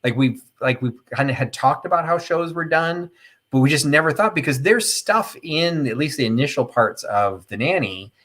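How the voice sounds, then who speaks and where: A man's voice: fairly high pitch, lively intonation, normal speed, fairly bright tone. A middle-aged man hosting a casual live chat, telling a rambling, opinionated story full of fillers and tangents. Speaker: host of a live chat stream.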